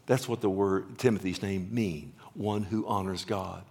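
A man preaching a sermon with passion, swinging from loud exclamations to hushed, whispered lines. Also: low-pitched, fairly even intonation, measured pace. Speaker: pastor.

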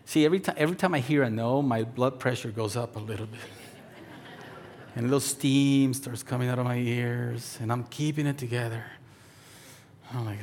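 A man in his thirties preaching a sermon as pastor, telling stories and acting out the voices in them, sometimes dropping to a soft near-whisper. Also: medium pitch, normal speed, a little hiss or hum. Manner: storytelling, acts out voices in quotes, drops to soft near-whisper.

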